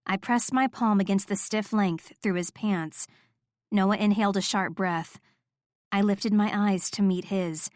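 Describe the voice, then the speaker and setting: A woman narrates a first-person romance audiobook, soft and intimate in her delivery. Her voice is mid-pitched and the recording is close and completely dry. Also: steady tone, unhurried, no room sound.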